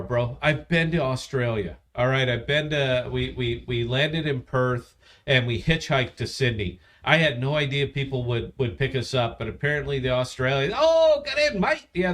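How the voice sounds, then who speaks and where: A man's voice: mid-range voice, fairly bright tone. A man in his fifties hosting a casual livestream, tipsy, profane and boastful as he tells a long story. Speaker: podcast host.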